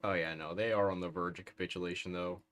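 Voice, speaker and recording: A man's voice: low-pitched, steady tone, fast talker, fairly bright tone. A man livestreaming a strategy game, giving casual, bemused running commentary and laughing often.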